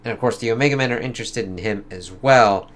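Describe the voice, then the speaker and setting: A man's voice: medium pitch, fast, fairly bright tone, a little hiss or hum. A man giving a casual, rambling spoken review of a comic book, swearing a lot. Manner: rambling, heavy swearing, lots of fillers.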